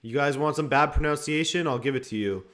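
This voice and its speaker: A man's voice: on the high side, brisk, fairly bright tone. A man hosting a live football watchalong, giving casual, joking commentary and reading viewer comments aloud. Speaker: watchalong host.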